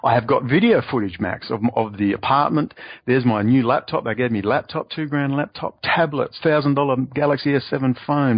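Ranting man, husky voice, lo-fi audio. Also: medium pitch, moderate pace, no echo. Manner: excitable, ranting, voice leaps up for emphasis. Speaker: interview guest. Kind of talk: remote interview conversation. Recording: dull lo-fi audio.

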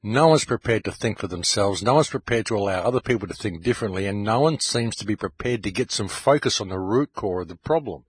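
A man's voice: lowish voice, animated, fast, few pauses, slightly rough, no echo. A middle-aged man hosting a radio show, delivering an impassioned, urgent monologue straight to his listeners. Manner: ranting, urgent, addresses listeners directly.

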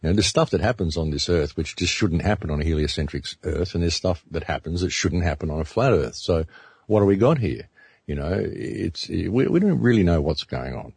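A man's voice: deep voice, expressive, brisk, creaky, darkish tone, breathy edge, no room sound. A man, a radio announcer, talking earnestly in a casual discussion and often repeating words as he thinks.

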